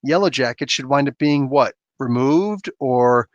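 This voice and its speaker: A man's voice: medium pitch, a little slow, no room sound, dull audio. A man hosting a comic book podcast, chatting casually and animatedly with rambling asides and laughs. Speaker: podcast host. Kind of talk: casual chat answering viewer questions.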